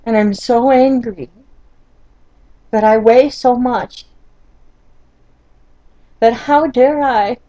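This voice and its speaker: An older woman recounts a painful personal story for her vlog, speaking slowly and haltingly, with many fillers and restarts. She sounds frustrated and close to tears throughout. The recording is dry and a little dull, like a simple home setup. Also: a little high, dark tone, dry recording. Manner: emotional, frustrated, often near tears. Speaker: vlogger.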